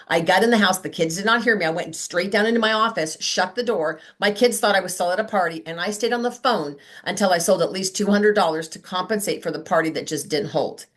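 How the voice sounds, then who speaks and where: A woman's voice: lowish voice, fairly quick, few pauses. Chatty woman leading a sales call. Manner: chatty, animated, acts out quoted voices. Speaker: sales director hosting a team call. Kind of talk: motivational team call.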